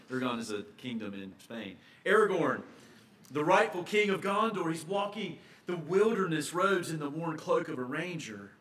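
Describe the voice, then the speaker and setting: A man with a voice on the high side preaches a sermon, telling a scripture story. His delivery shifts between hushed and emphatic.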